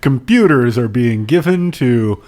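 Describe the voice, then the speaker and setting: Slow, deadpan man on a comedy podcast. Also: medium pitch. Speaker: podcast co-host.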